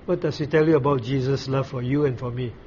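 A man preaching a sermon, explaining scripture slowly, pausing often and asking his listeners questions. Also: mid-range voice, fairly even intonation, a little mellow, lo-fi sound, a little hiss or hum. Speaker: pastor. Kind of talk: sermon, Bible teaching.

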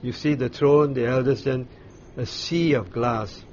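A man leading a Bible study, explaining scripture in an unhurried way, pausing and restarting as he searches for words. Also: mid-range voice, fairly even intonation, darkish tone. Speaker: Bible teacher. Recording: dull lo-fi recording with faint noise.

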